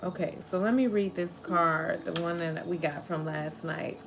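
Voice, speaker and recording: A woman's voice: fairly low pitch, fairly even intonation, measured pace, vocal fry, a little hiss or hum. A woman giving a spiritual tarot reading to her viewers, rambling and emotional, with many "like"s. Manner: rambling, emotional, says "like" often. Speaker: tarot reader.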